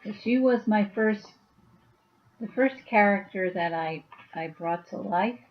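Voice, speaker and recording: A woman's voice: mid-range voice, unhurried, highs cut off. A woman chatting casually on her vlog at home, rambling with many fillers. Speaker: YouTuber and author.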